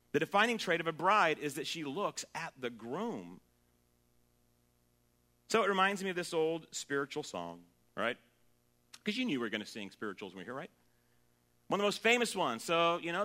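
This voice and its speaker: A man preaching a sermon, joking and singing snatches of a song, then turning earnest. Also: medium pitch. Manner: humorous, jokes and sings off-key snippets; shifts between loud and quiet, earnest. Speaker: pastor.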